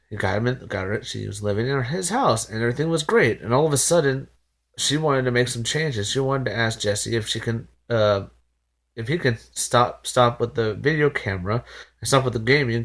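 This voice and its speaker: A man's voice: medium pitch, fairly bright tone. A man hosting a reaction video, recapping and commenting in a rambling, exasperated way with frequent restarts and sighs.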